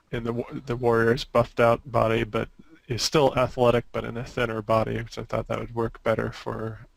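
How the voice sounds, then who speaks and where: A man walks his group through his sketches on a call, stopping and restarting his sentences as he goes. His voice is gravelly and unhurried, with a dry, close sound. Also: mid-range voice, no room sound, low-quality recording. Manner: halting, with many restarts. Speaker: concept artist. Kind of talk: casual show-and-tell on a group call.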